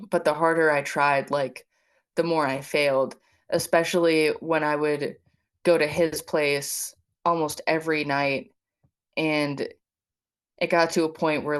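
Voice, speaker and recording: A woman telling her own story in a casual, halting way, with many fillers. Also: low-pitched. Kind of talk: personal testimony.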